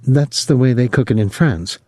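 A man's voice: medium pitch, normal speed, a little mellow, no echo, clean studio sound, voice pushed up, lightly acted. A man voicing an earnest, guarded young man who talks carefully and a bit showily, in an audiobook reading. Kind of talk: audiobook character voice.

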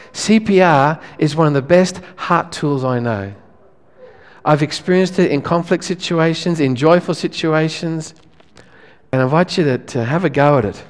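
A male pastor, preaching a sermon in a relaxed, conversational way, often restarting his phrases. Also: on the high side, a little slow, long reverb tail.

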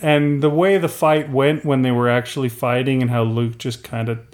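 A middle-aged man talks casually on a podcast, drifting from point to point. He is animated, laughs often and briefly mimics people he quotes. His pitch sits in an ordinary middle range. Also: normal speed. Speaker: podcast co-host. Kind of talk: casual chat.

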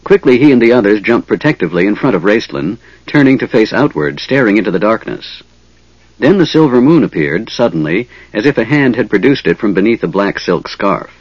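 A man narrating a fantasy audiobook in a measured, dramatic storytelling manner. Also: lowish voice, breathy edge, no echo, dull audio.

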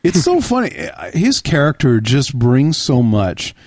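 Male podcast co-host, mid-pitched, reflective, dry close sound. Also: big pitch swings, a little slow, a little mellow, no echo. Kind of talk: casual chat.

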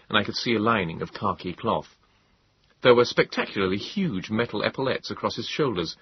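A man narrating a story in a measured, grave way. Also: fairly low pitch, slightly rough. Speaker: audiobook narrator. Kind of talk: scripted narration. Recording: slightly dull, dry recording.

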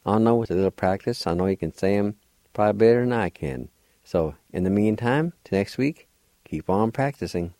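A man's voice: on the low side, expressive, fairly quick, dark tone, dry recording. An older man from Oklahoma, patiently spelling and pronouncing words letter by letter as a radio language teacher. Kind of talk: slow spelling and pronunciation lesson.

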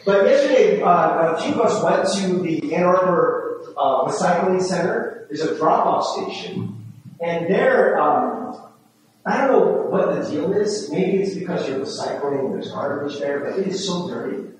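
High-voiced pastor preaching in an echoey hall. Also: male voice, lively intonation, recorded from a distance, a little hiss or hum. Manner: conversational, asks the congregation "right?" often; acts out his own inner voice with rising, fast self-talk. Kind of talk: sermon. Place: church sanctuary.

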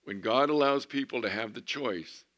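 A man preaching a sermon as pastor, animated, moving between loud emphatic lines and hushed ones. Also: mid-range voice, moderate pace.

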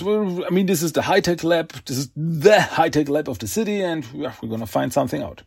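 A man's voice: fairly high pitch, expressive, moderate pace, gravelly. A man hosting a podcast, recapping a comic book in a casual, rambling way. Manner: rambling with many uhs and restarts. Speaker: podcast host.

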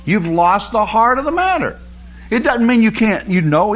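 A man's voice: high-pitched, wildly swooping pitch, normal speed, pushed and bright. A man teaching a sermon on scripture, emphatic and repeating words for stress. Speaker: Bible teacher.

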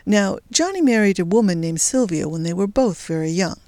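A woman voicing a brisk, sly young woman in mourning who speaks prim and matter-of-fact. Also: medium pitch, animated, mellow, no echo, natural voice.

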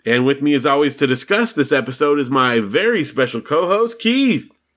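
Bright-voiced chatty male podcast host. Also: mid-range voice, lively intonation, brisk. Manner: chatty, laughs easily. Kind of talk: casual chat.

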